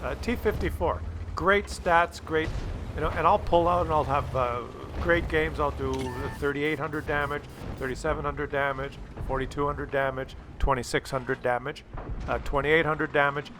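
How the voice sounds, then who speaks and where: Male gaming host, slightly higher voice, rambling, jokey, excitable commentary. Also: moderate pace, background noise. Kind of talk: casual gameplay commentary.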